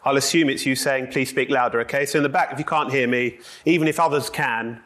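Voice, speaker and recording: A man's voice: mid-range voice, fast talker, a bit bright. A man teaching a group Bible study in a room without a microphone, joking and self-deprecating, speaking with a cold. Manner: jokey, self-deprecating, chatty. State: has a cold. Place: meeting room with a live audience.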